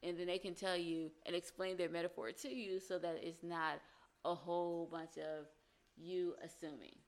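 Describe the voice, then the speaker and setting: A woman's voice: lowish voice, little pitch movement, moderate pace. Earnest woman giving relationship advice. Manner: earnest, explains with acted-out example phrases. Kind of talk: casual advice talk.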